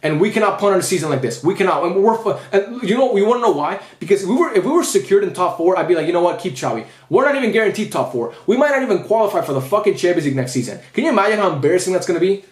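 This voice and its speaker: A man's voice: high-pitched, sing-song, rapid-fire, hardly any pauses, roomy sound. A young man ranting after a football match as a fan vlogger, frustrated and repetitive, swearing often. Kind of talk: post-match rant.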